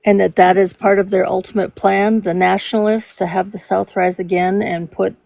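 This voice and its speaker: Gravelly mid-fifties Minnesota woman. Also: medium pitch, little pitch movement, normal speed, darkish tone, no echo. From Minnesota, USA. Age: 50s. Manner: conversational, laughs easily, trails off with fillers. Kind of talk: casual chat.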